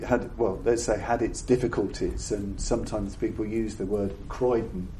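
An older man giving a reflective Buddhist dharma talk to an audience. He speaks in a halting, thoughtful way and often repeats words while he searches for the phrasing. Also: on the low side, steady tone, mellow. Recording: roomy echo with faint background noise.

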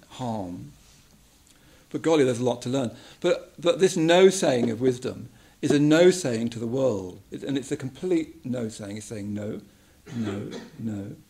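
Guy rambling thoughtfully in a talk, lots of ums, bit gravelly. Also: medium pitch, warm tone. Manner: musing, repeats words, many ums. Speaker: speaker giving a talk. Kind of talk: reflective spoken talk.

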